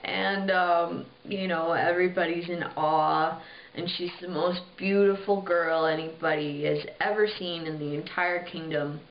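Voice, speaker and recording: A woman's voice: on the low side, steady tone, a little slow, a little hiss or hum. A young woman casually retelling a fairy tale, chatty and irreverent, swearing and using many fillers. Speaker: storyteller. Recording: roomy, dull lo-fi home recording.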